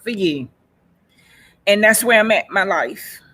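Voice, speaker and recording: A woman, sharing her own story in a panel talk. Her voice is bright and forward. She talks with earnest emphasis and circles back to the same phrases again and again. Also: mid-range voice, expressive, unhurried. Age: 40s. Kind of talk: personal testimony in a panel session.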